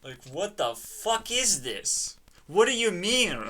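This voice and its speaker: A man with a fairly high, bright, forceful voice rants through a reaction video. He mocks what he hears, swears freely and breaks into laughter. His delivery is loose, loud and animated. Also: slow. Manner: ranting, mocking, laughs often. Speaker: channel host reacting to a video. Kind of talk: profane reaction commentary.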